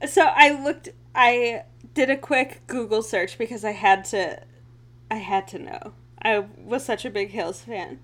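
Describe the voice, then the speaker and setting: A young adult woman co-hosting a podcast in casual chat, animated and quick to laugh and swear. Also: on the high side. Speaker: podcast co-host.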